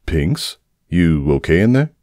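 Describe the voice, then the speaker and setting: A man's voice: low-pitched, very animated, unhurried, a little mellow, no room sound. A man voicing a dry, sarcastic, weary stallion father in a fan audio drama. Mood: deadpan. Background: faint background music.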